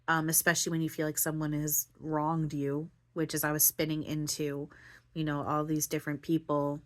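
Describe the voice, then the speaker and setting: Low-voiced woman rambling about her feelings. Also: monotone, moderate pace. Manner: rambling, full of "like" and "you know", restarts often. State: near tears, voice breaking. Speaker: spiritual channeler and vlogger. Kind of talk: rambling personal monologue.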